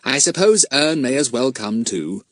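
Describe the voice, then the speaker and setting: A man voicing a clever, self-assured boy who leads a group of young sleuths, talking brisk and sure. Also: medium pitch, lively intonation, no room sound, voice pushed up, natural voice. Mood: confident.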